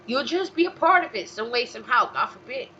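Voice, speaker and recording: A woman hosting a solo talk show, ranting profanely in a heated manner that jumps from low muttering to outright shouting. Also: very animated, a little fast, muffled recording, a little hiss or hum.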